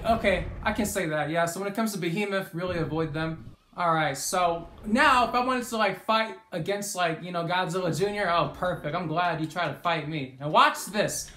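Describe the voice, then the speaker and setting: A gaming commentator giving casual gameplay commentary, excitable, swearing often and shouting at big moments. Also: mid-range voice, roomy sound, a little hiss or hum.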